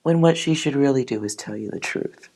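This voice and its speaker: A woman's voice: a bass voice, a little fast, gravelly, dark tone. Brash, profane woman ranting to viewers. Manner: brash, profane, joking rants. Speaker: tarot reader and livestream host. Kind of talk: casual livestream chat with viewers.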